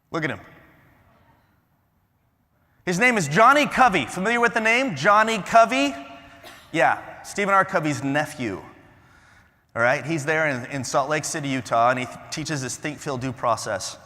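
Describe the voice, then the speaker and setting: A man giving an energetic keynote at a conference, quizzing the audience and swinging from loud bursts to hushed asides. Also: on the high side, unhurried, pauses often. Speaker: motivational conference speaker. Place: large conference hall, on stage. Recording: echoey conference hall.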